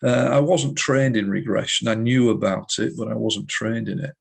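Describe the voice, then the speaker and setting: A middle-aged man, a hypnotist guest in an interview, telling vivid stories in a measured way. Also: medium pitch, gravelly, husky. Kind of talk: storytelling interview.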